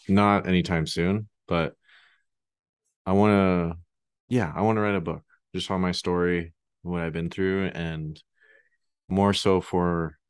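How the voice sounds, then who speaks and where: Low-voiced, laid-back male podcast guest. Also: smooth. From Canada. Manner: casual, hesitant with "um" and restarts, swears. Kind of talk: casual podcast chat.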